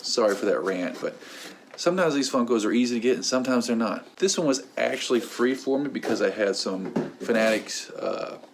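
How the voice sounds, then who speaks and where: A man's voice: mid-range voice, fairly quick, noisy background. A young man hosting his own channel, telling a long rambling story in a casual unboxing vlog. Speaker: host.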